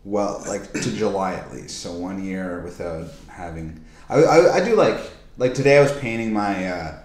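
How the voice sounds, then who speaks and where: A man from Canada, a comedian guest on a casual comedy podcast, ranting and stammering with a dry deadpan delivery. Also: deep voice, moderate pace, roomy sound.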